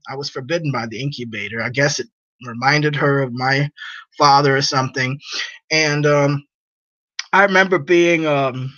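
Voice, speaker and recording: A man's voice: on the high side, bright, forceful tone. A man hosting a casual chat, reading out viewer comments and rambling through personal stories, laughing often. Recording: dull lo-fi sound.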